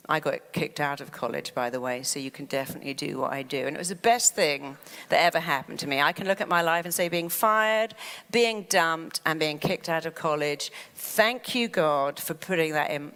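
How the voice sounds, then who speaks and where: A woman's voice: sits low, normal speed. An older woman telling stories in a motivational talk, acting out the voices in people's heads. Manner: animated storytelling, acts out quoted inner voices. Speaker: therapist and self-help speaker. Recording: long hall reverb.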